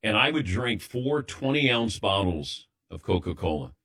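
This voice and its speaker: A middle-aged man hosting a sports radio show in relaxed, conversational banter. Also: lowish voice, a little slow, husky.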